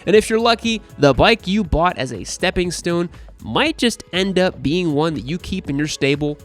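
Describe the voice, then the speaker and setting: A man's voice: sits high, lively intonation, moderate pace. A young man hosting a motorcycle channel, reading a scripted review with wry, sarcastic humor over faint background music.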